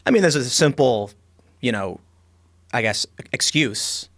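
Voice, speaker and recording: A man's voice: mid-range voice, animated, unhurried, fairly bright tone, dry recording. A man chatting casually on a podcast in a studio, rambling and joking. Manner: rambling, jokey. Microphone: studio microphone.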